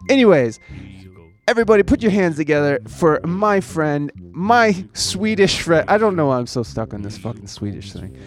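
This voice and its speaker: A man's voice: on the high side, big pitch swings, normal speed. A man hosting a podcast and live stream, talking casually in a rambling, self-interrupting, jokey way with some swearing. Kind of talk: casual chat.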